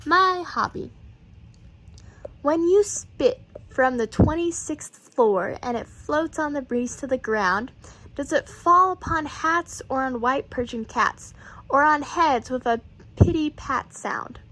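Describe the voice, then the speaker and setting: A woman reading children's poems aloud, with playful, rhythmic and expressive delivery. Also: high-pitched, slow, poor audio. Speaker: reader.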